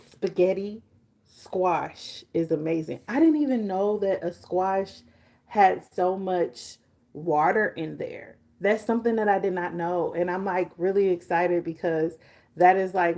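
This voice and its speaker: A woman's voice: fairly low pitch, unhurried. A woman in her forties chatting casually and animatedly about hair care and food as a vlogger. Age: 40s. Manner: chatty and animated, talks baby talk to her dog. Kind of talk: casual chat.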